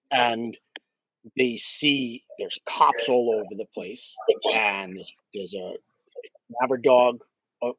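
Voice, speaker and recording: A man's voice: medium pitch, no echo, low-quality recording. A man, a paranormal investigator, telling a case story in a casual interview with many fillers and acted-out quotes.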